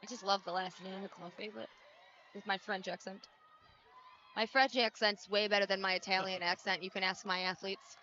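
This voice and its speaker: A woman's voice: medium pitch, steady tone, fairly quick, bright, forceful tone, slight background noise. A woman giving color commentary on a gymnastics meet, enthusiastic and chatty, with a muffled broadcast sound. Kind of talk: sports commentary.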